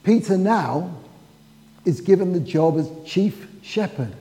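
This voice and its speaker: A man preaching in a church, his voice raised high for a man and mellow in tone. He tells the story at an unhurried pace and acts out the quoted dialogue. His words ring with a long reverb through the hall. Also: animated. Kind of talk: sermon.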